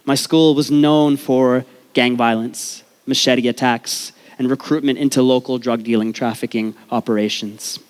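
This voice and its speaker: This young man from Canada has a clear, resonant mid-range voice, fairly even intonation, and a measured pace with few pauses. On stage at a storytelling event, he tells a comic story about himself, self-deprecating and freely profane, to a live audience.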